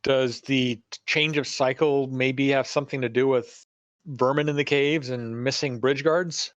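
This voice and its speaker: A man playing a tabletop game, joking and asking quick questions. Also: mid-range voice, fairly even intonation, no room sound, dull audio. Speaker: player.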